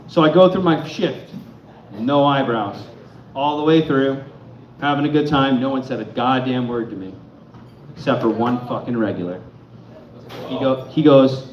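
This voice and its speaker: A man's voice: medium pitch, normal speed, pauses often, slight background noise. A young man from Connecticut performing a crude, profane stand-up set on a club stage. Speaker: stand-up comic. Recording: echoey club room, dull sound.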